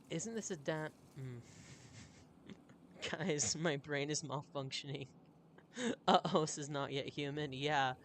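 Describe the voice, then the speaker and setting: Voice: mid-range voice, slight background noise. A chatty streamer giving live commentary while playing, talking to chat. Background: game music.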